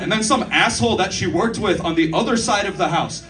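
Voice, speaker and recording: Over music, a high-pitched young man in his twenties delivers a fairly quick stand-up set in a comedy club. His storytelling is loose and profane, with asides to the crowd, and the audience laughs in the background. The recording sounds roomy and distant.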